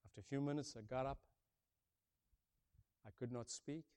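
A man over fifty from Africa preaching a sermon, booming on key points, then dropping low and soft, and repeating his phrases. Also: fairly even intonation, normal speed, smooth. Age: older, over fifty. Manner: swings between booming emphasis and hushed softness, repeats key phrases.

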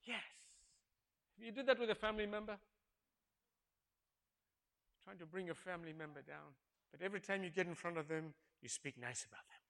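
A male preacher retelling a story in a sermon, acting out the characters and asking the congregation questions, swinging from hushed tones to loud exclamations. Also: high voice, brisk, vocal fry, long pauses. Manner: dramatic, swings from hushed to shouting, acts out characters.

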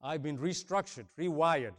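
A man over fifty from Africa preaching a sermon, booming on key points, then dropping low and soft, and repeating his phrases. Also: moderate pace. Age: older, over fifty. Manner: swings between booming emphasis and hushed softness, repeats key phrases.

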